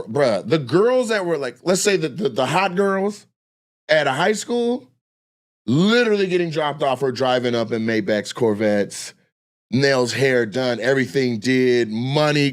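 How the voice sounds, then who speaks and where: Animated, profane storytelling man. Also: fairly high pitch. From Lacey, Washington. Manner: animated, profane, acts out quoted voices. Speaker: comedian guest. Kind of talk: casual storytelling chat.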